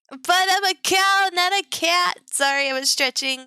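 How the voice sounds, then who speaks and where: A young woman on a live stream with a high, bright voice, talking slowly and playfully to her chat. She giggles a lot and teases in a sing-song tone. The sound is close and dry. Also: dry recording. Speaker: VTuber streamer.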